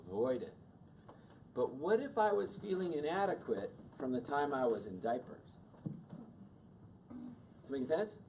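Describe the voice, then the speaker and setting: Middle-aged male teacher, lively pitch, acts out voices; distant mic, faint room hum. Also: a little slow, long pauses. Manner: animated, acts out quoted voices. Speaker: teacher leading a class on emotions. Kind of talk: classroom teaching with questions to the audience.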